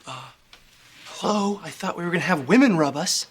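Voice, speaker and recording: A man's voice: high voice, expressive, moderate pace, very noisy. An actor playing a vain, nervous man who exclaims and frets. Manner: jittery, exclaiming. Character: vain nervous middle-aged man at a massage.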